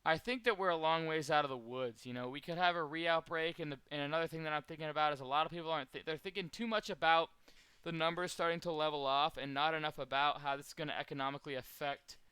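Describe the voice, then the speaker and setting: Man, casual trading recap, rambling with fillers, very clear voice, bright tone. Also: on the high side, no echo. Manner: rambling, many fillers and restarts. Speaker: day trader streaming his recap.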